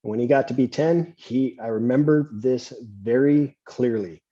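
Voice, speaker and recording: Mellow husky man, lo-fi sound. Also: mid-range voice, moderate pace. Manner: relaxed, anecdotal, gives advice. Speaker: podcast host. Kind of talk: conversational interview, storytelling. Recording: slightly muffled lo-fi audio.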